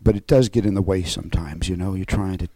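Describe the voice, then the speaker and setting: A man's voice: deep voice, steady tone, fast talker, dark tone, a little hiss or hum, poor audio. A man preaching an emotional, fervent sermon over an online call. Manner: emotional and fervent, voice rising and falling.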